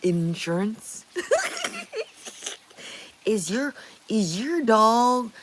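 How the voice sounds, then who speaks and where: A woman's voice: lowish voice, very animated, moderate pace, vocal fry, slight background noise. A middle-aged woman from Canada hosting a casual livestream, chatting with viewers in a blunt way, swearing freely and laughing often. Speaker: livestream host.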